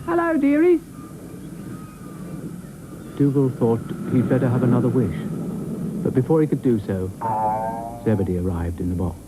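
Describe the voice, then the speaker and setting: A man's voice: medium pitch, brisk, background noise. A British man narrating a children's cartoon in a wry, amused storybook manner.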